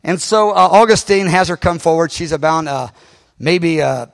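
A male pastor telling a story to his congregation, animated, with many fillers and restarts and sudden loud bursts. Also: on the high side, normal speed, creaky. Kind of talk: sermon storytelling.

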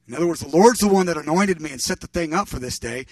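A man's voice: on the high side, lively intonation, fast talker, no echo, recorded from a distance. A middle-aged man preaching, earnestly telling a story from his ministry and quoting what others said. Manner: earnest, recounting events with quoted dialogue. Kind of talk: sermon testimony storytelling.

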